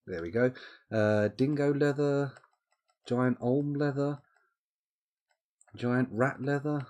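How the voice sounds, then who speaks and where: A man's voice: medium pitch, takes it slowly, darkish tone. A young man streaming a game live, thinking aloud and muttering menu items with easygoing asides into a desk microphone. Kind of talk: casual live-stream commentary while playing.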